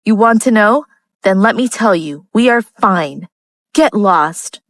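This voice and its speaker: A woman's voice: on the high side, lively intonation, normal speed, no echo, pitched above the performer's own voice, close to an everyday voice. A woman reading an audiobook, voicing an anxious, hot-tempered young woman who pleads and scolds. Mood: angry scolding. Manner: pleading, then sharp and scolding.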